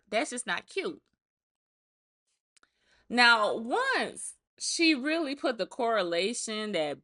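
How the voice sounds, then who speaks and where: A woman's voice: on the high side, sharp tone. A woman giving a casual recap of a reality show, talking in a blunt, chatty way, full of profane asides.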